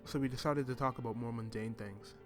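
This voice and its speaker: A man reading a first-person story in a measured, reflective way. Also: mid-range voice, steady tone. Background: music.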